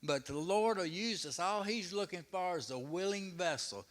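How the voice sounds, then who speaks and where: A man's voice: high voice, animated, normal speed. A man from the audience sharing a humble, heartfelt personal testimony in plain words. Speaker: audience member. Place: church sanctuary.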